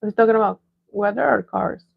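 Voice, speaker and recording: A woman's voice: medium pitch, fairly even intonation, fast talker, creaky, breathy edge. A woman co-hosting a casual livestream, reading out the chat and adding brief, dry asides. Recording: dull lo-fi dry audio.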